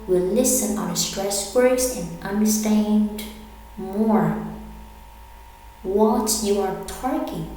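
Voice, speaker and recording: Slow, deliberate woman teaching English. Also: medium pitch, a little mellow. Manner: slow, deliberate, repeats words for learners. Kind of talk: language lesson. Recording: echoey hall with faint hum.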